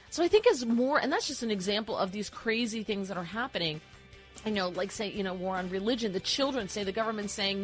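Lady radio host, chatty and opinionated, slightly high voice, soft music under her. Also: a little fast. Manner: chatty and emphatic, with many asides. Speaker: guest radio talk show host. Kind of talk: opinionated talk radio chat.

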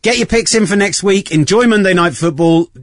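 A man hosting a casual sports podcast, talking in an animated, ranting way. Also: high-pitched, brisk, dry recording, clean studio sound. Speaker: podcast host.

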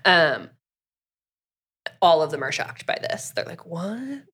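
Her voice sits low and has a fairly bright tone, and she speaks a little slowly. She's a podcast co-host recapping a book in casual conversation, acting out characters and saying "like" often.

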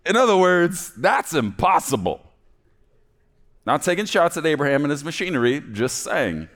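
A man preaching a sermon in a church, playful, swinging between loud emphasis and hushed asides. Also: fairly high pitch, big pitch swings, normal speed. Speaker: pastor.

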